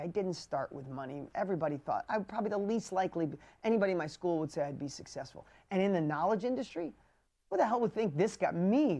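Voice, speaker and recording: A man coaching a live online group in an emphatic, punchy way, swearing casually and swinging between loud urging and quiet intensity. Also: high voice. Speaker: business coach. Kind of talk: motivational coaching livestream.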